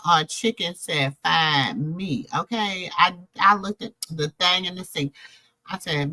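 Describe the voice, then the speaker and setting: A middle-aged woman telling stories in a casual chat to her viewers, animated and calling out to them. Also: deep voice, moderate pace, no room sound, low-quality recording. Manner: animated storytelling, calls out to viewers. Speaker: host.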